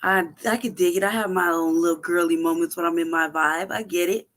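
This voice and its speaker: Brief: woman host, casual profane storyteller, animated, quick to laugh. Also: on the low side. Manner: profane, animated, laughs often, acts out quotes. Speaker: show host.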